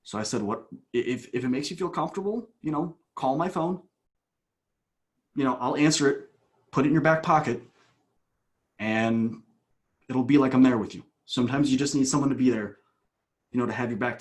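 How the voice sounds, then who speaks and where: A man in a podcast interview, a coach recounting a session at length. His voice sits mid-pitch, and he moves from quick excited bursts to quiet, hushed asides. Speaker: guest, coach.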